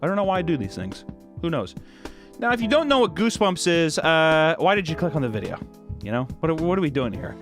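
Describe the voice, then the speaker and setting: A man's voice: fairly high pitch, big pitch swings, quick pace, music in the background. A young man giving sarcastic, profane comedic commentary while reviewing old movies. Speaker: video reviewer.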